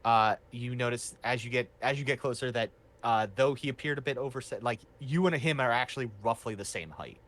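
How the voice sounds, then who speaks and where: A man's voice: mid-range voice, a little fast, hardly any pauses, fairly bright tone. A man running a tabletop game as game master, narrating loosely with many fillers.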